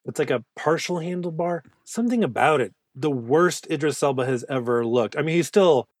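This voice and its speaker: A man co-hosting a podcast, riffing on a film in animated, jokey chat with a bit of swearing. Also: a little high, brisk, dry recording, clean studio sound. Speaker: podcast co-host. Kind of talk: casual movie-review chat.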